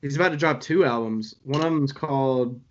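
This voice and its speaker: A man's voice: medium pitch, brisk, dull audio. Easygoing slangy man chatting. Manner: easygoing, slangy, laughs a lot. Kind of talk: casual chat.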